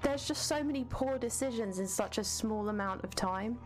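A woman's voice: on the high side, moderate pace, faint music behind. A woman streaming a game, chatting casually, answering chat and swearing freely. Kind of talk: casual live-stream chat while gaming.

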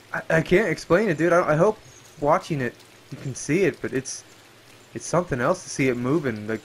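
A man giving profane, excitable running commentary while playing a game, often yelping and exclaiming. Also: mid-range voice, a little hiss or hum. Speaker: gameplay streamer. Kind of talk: let's play commentary.

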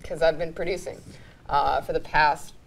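A woman's voice: low voice, steady tone, normal speed, vocal fry, rough recording. A young woman producing a student TV show, giving a rambling farewell speech while crying, apologizing and laughing through tears, with many ums. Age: young adult.

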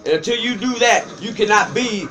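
A boastful macho wrestler, as a man puts him on growls out a bombastic promo. The voice is gruff, pushed higher than usual, and loud. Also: lively intonation, fairly quick, soft background music. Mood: boasting. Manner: gruff bombastic promo, calls everyone brother.

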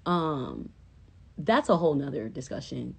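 A woman's voice: very deep voice, sing-song, unhurried, vocal fry, slightly rough. A woman chatting casually on a phone livestream, rambling and swearing freely and flaring into impassioned outbursts. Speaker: livestream host.

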